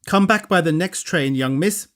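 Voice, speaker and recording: A man voicing an eager, eccentric young gentleman in an audiobook, speaking in bright, emphatic bursts. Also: a little high, normal speed, lightly acted. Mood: jaunty. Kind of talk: audiobook character voice.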